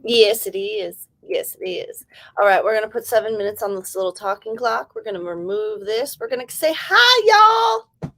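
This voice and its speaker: A young woman from California, her accent drifting Southern, chatting casually with viewers as she hosts a writing livestream and greets them with sudden excited calls. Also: medium pitch, fairly quick. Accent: American, California drifting Southern.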